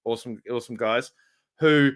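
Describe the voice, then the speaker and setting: A man chatting casually as co-host of a streamed podcast, an animated storyteller who laughs often. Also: medium pitch, moderate pace. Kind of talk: casual chat.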